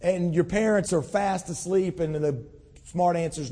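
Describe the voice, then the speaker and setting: A man's voice: high voice, moderate pace, warm tone. A man preaching a conversational sermon, reading scripture and explaining it in an earnest, storytelling way. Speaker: pastor. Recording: long hall reverb.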